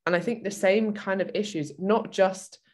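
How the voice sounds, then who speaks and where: A woman's voice: mid-range voice, fairly even intonation, normal speed, a little mellow. A woman from the UK co-hosting a fitness podcast, chatting casually with lots of filler words. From United Kingdom. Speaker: podcast co-host, fitness coach.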